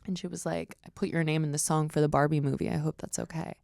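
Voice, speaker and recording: A woman's voice: low-pitched, flat delivery, fast talker, creaky, darkish tone, dry recording, clean studio sound. A young woman, a podcast guest, telling stories in casual chat, swearing freely and acting out what people said. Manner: storytelling, swears freely, acts out quotes.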